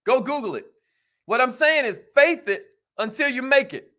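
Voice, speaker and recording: A man hosting a motivational talk, energetic and playful, with slangy banter aimed at a live audience. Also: very high voice, normal speed. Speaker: motivational show host.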